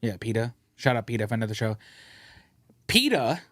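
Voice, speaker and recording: A man hosting a podcast in a studio, rambling through stories in a casual, profane, animated way. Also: medium pitch, normal speed, no echo. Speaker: podcast host.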